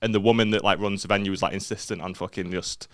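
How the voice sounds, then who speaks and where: A man's voice: low-pitched, steady tone, fast talker, fairly bright tone, smooth. A young man with a Northern English accent telling a sweary comedy anecdote on a podcast, laughing as he goes. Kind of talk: casual storytelling chat.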